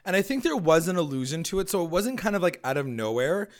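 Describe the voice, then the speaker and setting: A man's voice: a little high, very animated, fast talker, a crowd in the background. A man co-hosting a show, casually recapping a TV episode, laid-back, peppering his talk with "like" and swearing freely. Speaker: podcast co-host recapping a TV episode. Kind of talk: casual chat.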